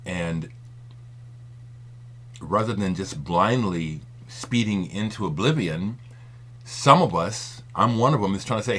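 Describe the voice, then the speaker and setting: Impassioned low-voiced man with lively pitch. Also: slow pace, long pauses, husky. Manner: emphatic and rambling, repeats points, swears. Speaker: vinyl community video maker. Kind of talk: impassioned monologue to camera.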